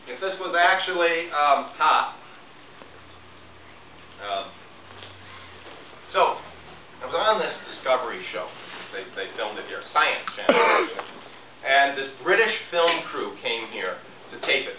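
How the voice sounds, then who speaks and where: A man's voice: fairly high pitch, narrow, tinny audio. A man giving a chatty science lesson, quizzing the audience as he goes. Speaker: science teacher. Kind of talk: classroom demonstration talk. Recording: echoey room, distant thin mic, faint hiss.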